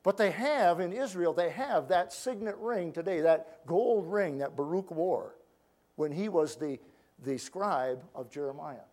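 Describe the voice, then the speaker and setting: Male pastor, high voice, storytelling sermon that slips into the voices of the people in his stories. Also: lively intonation, measured pace. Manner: storytelling preacher, acts out quoted voices, drops to quiet asides.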